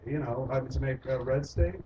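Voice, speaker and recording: A filmmaker, a man with a medium-pitched voice talking a little fast, tells stories in casual, profane language, swearing often and imitating the people he quotes. The recording is distant and muffled, with loud noise.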